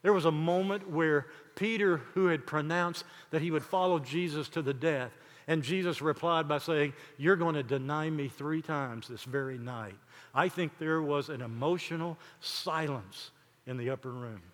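An older man preaching a sermon, emphatic, building lists of words with dramatic pauses. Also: fairly high pitch, a bit bright, in a large hall. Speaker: pastor.

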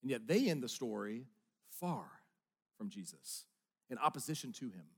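A middle-aged man preaching a sermon in an earnest voice, moving between hushed, quiet lines and emphatic ones. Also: medium pitch, big pitch swings, normal speed, husky. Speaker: pastor.

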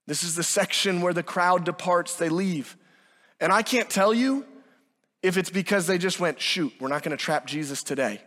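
A man with a high voice preaches a sermon with emphatic delivery, acting out the lines of the people he quotes. His voice carries a long reverb, as if he is speaking in a large hall. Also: moderate pace, fairly bright tone. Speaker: pastor.

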